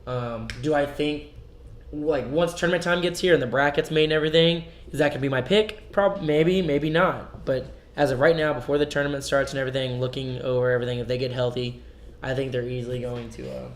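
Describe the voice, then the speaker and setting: A young man with a mid-range voice co-hosts a casual sports podcast. He talks hesitantly, restarting his sentences and filling pauses. His voice echoes around the room. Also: medium pitch, steady tone. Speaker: podcast co-host.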